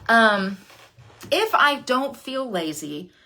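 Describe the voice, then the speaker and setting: Chatty woman with a gravelly voice. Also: on the high side, slow. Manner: chatty, playful and excitable, drops to gushing whispers. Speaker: papercraft demonstrator. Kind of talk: casual live craft demo.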